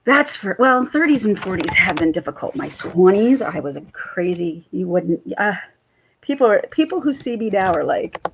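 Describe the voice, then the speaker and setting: A woman in her forties chatting casually with live viewers, telling rambling, animated stories. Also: mid-range voice, moderate pace, gravelly, slight background noise. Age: 40s. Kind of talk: casual livestream chat. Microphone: computer mic.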